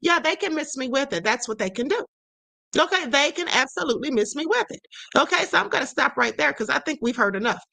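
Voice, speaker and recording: A woman's voice: sits high, expressive, fast, creaky, pushed and bright, no echo. A woman hosting a political commentary livestream, talking emphatically to her viewers in a string of rhetorical questions. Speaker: livestream host.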